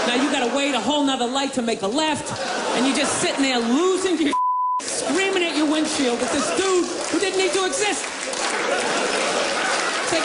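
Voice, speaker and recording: A man doing a loud, profane stand-up comedy set on a club stage, ranting and acting out store clerks in quick asides. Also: very high voice. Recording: echoey live club recording with loud crowd noise.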